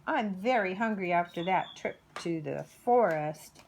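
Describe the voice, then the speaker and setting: Slow, gravelly storytelling woman. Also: on the low side, expressive, a little mellow, highs cut off, a little hiss or hum. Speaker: preschool teacher. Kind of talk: storytelling for toddlers.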